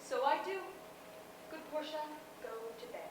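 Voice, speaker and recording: A woman playing Brutus, a troubled and gentle Roman lord in an outdoor stage play, speaking in a weary, tender way. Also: sits high, lively intonation, a little slow, a little hiss or hum. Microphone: far camera. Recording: distant, echoey open-air stage recording.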